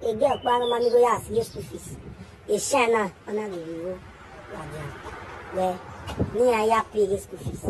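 A woman's voice: mid-range voice, steady tone, normal speed, pauses often, a little mellow, slight background noise. A Nigerian woman giving an emphatic, scolding spoken message, firing off repeated questions. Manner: scolding, defending a friend. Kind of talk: casual spoken message to the camera.

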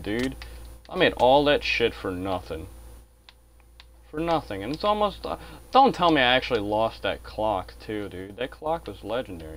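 A man's voice: on the low side, a little hiss or hum. A man giving casual gameplay commentary as a channel host, grumbling, swearing a lot and saying dude.

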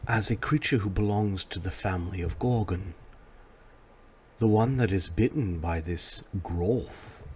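A man voicing a sly, ancient female Medusa who speaks slowly and calmly. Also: low-pitched, slight background noise. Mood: ominous.

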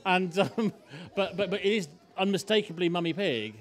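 A man hosting a panel interview, his voice sitting fairly high. He asks chatty, loosely phrased questions and fumbles with fillers and restarts. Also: animated, normal speed, fairly bright tone.

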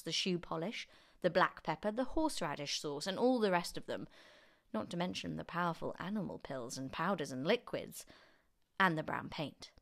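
Woman reading a children's story, animated. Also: lowish voice. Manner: expressive, animated narration. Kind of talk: reading a children's book aloud.

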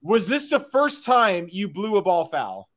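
A male host on a live video call with a high voice, asking eager, casual questions. He chuckles along and often trips over repeated words as he gets going. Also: very animated, a little slow, fairly bright tone.

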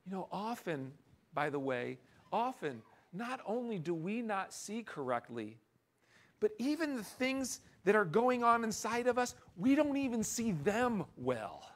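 Guy preaching a sermon, highish voice, emphatic then quiet and confessional. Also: very animated, unhurried. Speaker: pastor.

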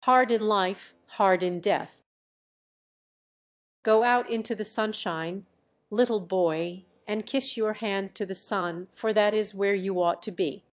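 A woman reading the part of an outspoken old man, blunt and earnest, in a slow storybook reading. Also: medium pitch, lightly acted.

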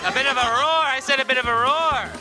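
A man's voice: very high-pitched, steady tone, fast, rough recording. A man working as a roving reporter at a busy school event, joking and teasing the people he interviews. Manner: goofy, teasing, jokey. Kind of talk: playful on-the-street interviews. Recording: crowd and music noise. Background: music and crowd chatter.

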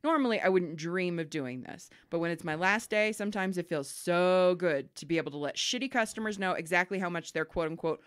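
A woman hosting a casual podcast, reading listener stories and spinning her own anecdotes with lots of laughter and cursing. Her voice sits a little low and sounds close and dry, with no room around it. She talks loosely and expressively. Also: brisk, few pauses, smooth, no echo. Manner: animated storyteller, swears freely, laughs often. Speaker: podcast co-host.

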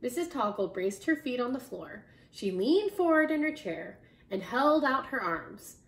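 A woman reading a picture book aloud to children in an expressive way, stopping to ask her listeners questions. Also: a little high, a little slow. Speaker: storybook reader.

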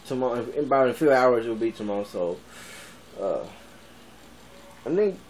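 A man's voice: medium pitch, lively intonation, normal speed, a little mellow, slight background noise, poor audio. A man in his twenties, rambling casually in a vlog and laughing often. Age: 20s. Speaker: vlogger.

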